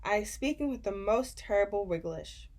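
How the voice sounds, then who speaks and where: A woman voicing a very old, kindly male giant who jumbles his words, in an audiobook reading. She makes him boom, draw his words out and talk in ungrammatical, folksy phrases. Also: lively intonation, darkish tone, lightly acted. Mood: excited. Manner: booming, drawn-out, ungrammatical folksy speech.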